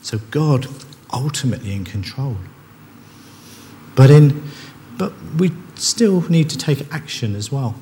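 Preacher in an echoing hall. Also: male voice, mid-range voice, very animated, a little slow, dark tone, a little hiss or hum. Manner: earnest, conversational, with frequent restarts. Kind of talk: sermon. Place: church. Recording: long reverb of a church hall, faint ambience.

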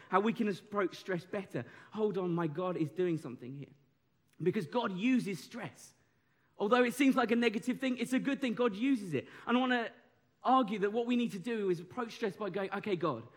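A young man giving a lively, conversational sermon that draws in his audience. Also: high-pitched, a little fast. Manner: animated, conversational, audience participation. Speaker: preacher.

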